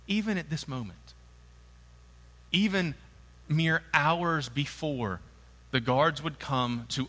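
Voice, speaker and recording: A man's voice: fairly low pitch, pushed and bright. A man preaching a sermon in an earnest, emphatic and conversational way. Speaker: pastor. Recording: long hall reverb.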